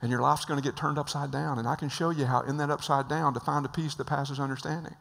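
Gravelly man preaching in a hall. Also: medium pitch, a bit bright. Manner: joke-telling, acts out voices, repeats phrases. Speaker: speaker at a church. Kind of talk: sermon with storytelling. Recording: hall reverb.

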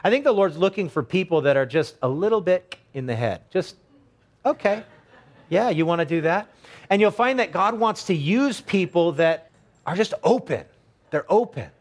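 A middle-aged man preaching a sermon in a relaxed, conversational way, acting out short quoted voices along the way. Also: high voice, moderate pace. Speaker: pastor.

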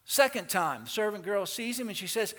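High-voiced preacher in a big echoing church. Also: male voice, a little fast. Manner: animated storytelling, asks the congregation questions. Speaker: pastor. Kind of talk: sermon. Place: church sanctuary.

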